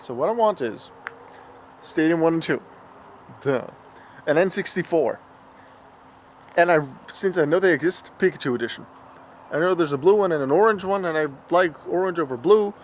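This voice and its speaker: A man's voice: fairly high pitch, slight background noise. A young man in his twenties talking casually in a daily vlog, rambling and thinking aloud as he goes. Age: 20s. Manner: rambling, thinking aloud with fillers and self-corrections. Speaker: vlogger.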